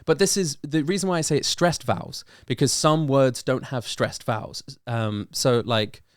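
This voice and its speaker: A British man appears as a guest rapper in a casual podcast chat, explaining things step by step and thinking aloud with hesitant fillers. His voice is medium-pitched and clean, at a moderate pace, with studio quality and no room sound.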